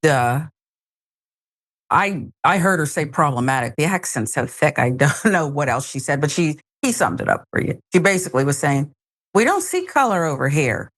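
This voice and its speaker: A woman's voice: deep voice, normal speed. A woman hosting a talk show, giving wry, emphatic commentary on a news story. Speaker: show host.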